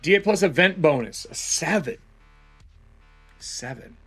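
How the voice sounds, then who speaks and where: A man's voice: a little high, animated, measured pace, fairly bright tone, slightly rough, faint music behind. A man narrating a solo tabletop game casually, thinking aloud as he rolls dice.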